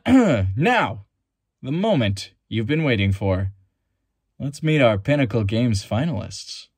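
A man's voice: big pitch swings, takes it slowly, husky, no echo, clean studio sound, full character voice. A man voicing an arrogant, over-the-top male TV game-show host for an audition. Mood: grandiose. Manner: booming, showy announcer.

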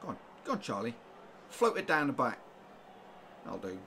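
Excitable gravelly football fan. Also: male voice, mid-range voice, moderate pace, slight background noise. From England. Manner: excitable, urging the team on. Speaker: fan reaction streamer. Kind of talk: live football reaction commentary.

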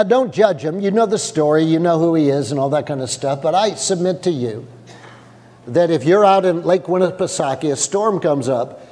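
A man preaching with a lively, swooping delivery that keeps jumping into acted voices of frightened people. His voice sits a little high for a man. A long reverb rings behind him, as in a church sanctuary. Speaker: pastor. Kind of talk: sermon.

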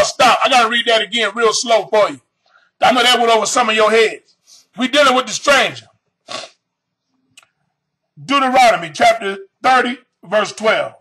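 A man preaching with a very high, bright and forceful voice. He draws out scripture verses slowly, then punches key phrases in sudden shouts and throws questions straight at the congregation. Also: rough recording. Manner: fiery, reads scripture slowly then bursts into shouted emphasis; addresses the audience directly with questions. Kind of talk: sermon.

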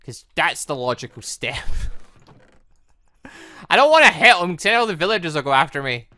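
A man's voice: a little high, very animated, moderate pace, bright, forceful tone, dry recording. A young man chatting and joking through his Minecraft let's play, talking to the villagers in the game. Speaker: gaming YouTuber.

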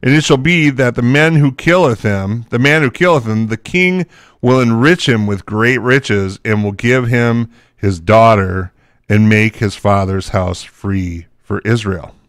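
A man's voice: medium pitch, a little slow, no room sound, clean studio sound. A man teaching from the Bible, reading scripture aloud and breaking into casual, chatty asides.

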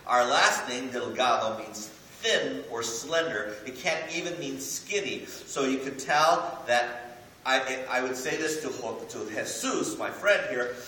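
A man in his fifties preaches with a bright, lively voice that swings up and down as he jokes with the congregation. He is recorded from a distance in a big, echoey church sanctuary, with a faint hum of room noise underneath. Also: medium pitch, takes it slowly. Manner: animated, joking, preacherly. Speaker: pastor. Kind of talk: sermon.

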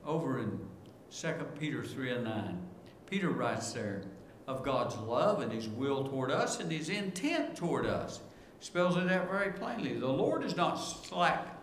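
A man preaching a sermon in earnest, repeating key words and rising in pitch as he pleads. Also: big pitch swings, measured pace. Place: church sanctuary. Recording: echoey church room with background noise.

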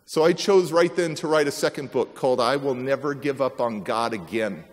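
This is a male motivational speaker, mid-range in pitch and moderately paced, performing a personal anecdote theatrically and voicing its characters. His speech rings out with the lingering reverb of a large hall.

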